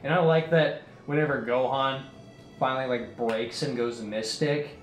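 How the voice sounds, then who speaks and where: A man's voice: mid-range voice, moderate pace. Rambling man in an echoey room. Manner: rambling storyteller, swears casually. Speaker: co-reviewer. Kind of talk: casual movie review chat. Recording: roomy with faint noise.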